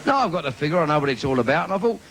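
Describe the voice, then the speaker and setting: Cheeky comic, lively high voice. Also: male voice, racing. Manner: bawdy, cheeky patter with sudden high squeaks. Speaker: stand-up comedian. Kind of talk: live cabaret stand-up. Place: theatre stage with audience. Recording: noisy 1980s live video.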